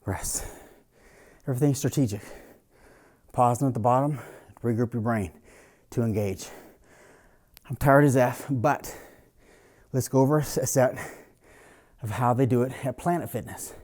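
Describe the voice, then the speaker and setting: Guy personal trainer talking thru his reps, laid back, blunt, swears a lot, average pitch. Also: normal speed, long pauses, darkish tone. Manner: blunt, casual, swears freely. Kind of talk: casual workout coaching talk.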